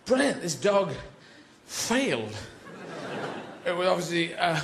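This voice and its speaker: A man performing a slow, meandering stand-up comedy routine that often trails off. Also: high-pitched, sing-song, gravelly. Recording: roomy live venue with loud audience noise.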